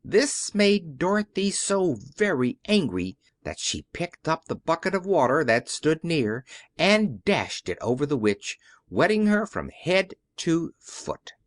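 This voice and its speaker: A man reading a classic children's story aloud as an audiobook narrator, in a measured storytelling way. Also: fairly high pitch, sing-song, no echo. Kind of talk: scripted narration.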